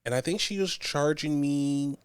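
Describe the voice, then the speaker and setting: A man, a podcast co-host, telling a story in casual chat, animated and profane. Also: a little high, normal speed, smooth, no room sound, clean studio sound.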